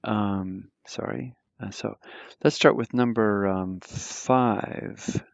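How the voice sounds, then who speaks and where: Male language teacher, lowish voice, patient, halting explanations, dry, dull audio. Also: fairly even intonation, vocal fry, dry recording. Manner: explains patiently, with frequent fillers and restarts. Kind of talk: live online grammar lesson.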